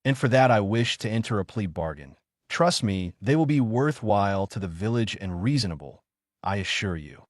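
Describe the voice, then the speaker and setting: A man's voice: fairly low pitch, lively intonation, normal speed, no room sound, studio quality, close to an everyday voice. A man doing a defiant young ninja. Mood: calm. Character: young male ninja, cool but quick to anger.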